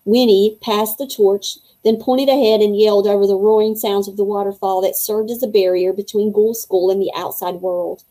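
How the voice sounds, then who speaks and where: A woman's voice: mid-range voice, normal speed, few pauses, poor audio. Woman reading a children's story aloud. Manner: expressive, voices each character.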